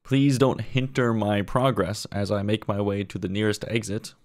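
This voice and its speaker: A man doing a comedy monologue of pun roasts in a deadpan way, dropping lower and quieter for each punchline. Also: moderate pace.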